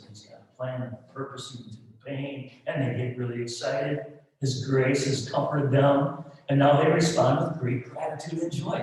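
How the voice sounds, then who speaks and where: A man preaching a sermon as pastor, impassioned, swinging from quiet asides to shouted lines. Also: mid-range voice. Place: church sanctuary. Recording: echoey hall, distant mic.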